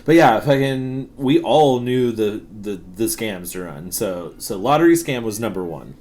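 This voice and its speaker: This podcast co-host, a man in his thirties, has a fairly low voice and talks a little slowly over slight background noise. He's laughing, cursing, and animated while recounting tales from work in a relaxed storytelling chat.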